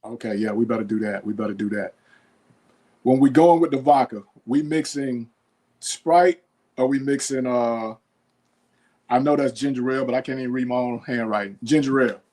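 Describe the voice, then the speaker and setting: A man hosting a podcast, asking quick this-or-that questions in a relaxed, casual way and filling pauses with "okay.". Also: medium pitch. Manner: relaxed, quizzing, says okay a lot. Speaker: podcast host.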